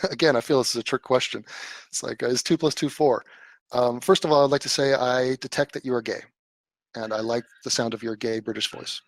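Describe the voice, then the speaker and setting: A man's voice: mid-range voice, fairly even intonation, a little fast. A man hosting a live call-in stream, blunt and profane, answering callers in casual chat. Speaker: livestream host answering callers.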